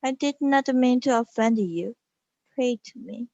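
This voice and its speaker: A woman's voice: fairly high pitch, unhurried, vocal fry, dark tone, no echo, pitched above the performer's own voice. A woman voicing a theatrical female psychic medium who speaks in a dramatic, eerie way, in a dull lo-fi recording.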